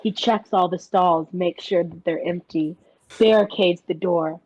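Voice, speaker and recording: A woman's voice: lowish voice, a little slow, darkish tone, dry recording. A woman playing a tabletop game, narrating her scene in a crude, playful, casual way. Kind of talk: casual role-play narration. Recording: slightly muffled audio.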